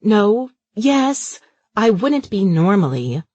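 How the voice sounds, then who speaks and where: A man voicing a flustered, uptight middle-aged mother in an audiobook, high, fussy and shrill. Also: big pitch swings, unhurried, darkish tone, dry recording, full character voice. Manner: high, fussy and shrill, sing-song at times. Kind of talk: audiobook character voice.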